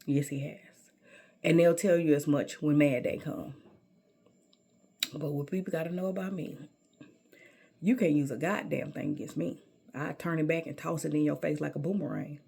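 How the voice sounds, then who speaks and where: A woman's voice: low voice, moderate pace, gravelly, pauses often, mellow, slightly rough. Sassy woman telling her life story. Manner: sassy, emphatic, calls listener baby. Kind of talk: personal storytelling monologue.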